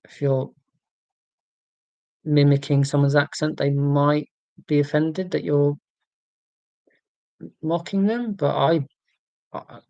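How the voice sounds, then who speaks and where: A man in his forties with an English accent from near London, hosting a casual livestream and answering viewer comments in a monotone, deliberately clear way. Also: on the high side, dry recording, muffled recording. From England, near London. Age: 40s. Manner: monotone, careful and deliberate about being clear. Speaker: livestream host.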